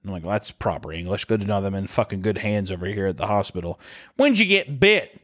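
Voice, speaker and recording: A man's voice: low-pitched, very fast. A young man co-hosting a podcast, telling a story in a casual, profane, comedic way and acting out the voices of the people in it. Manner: animated, profane, acts out quotes with screams. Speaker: podcast co-host.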